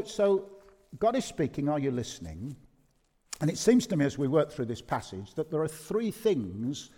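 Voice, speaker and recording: A man's voice: a little high, a little mellow, slightly rough. A man preaching an evening sermon, emphatic and repeating key phrases for effect. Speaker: pastor. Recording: long reverb of a large hall.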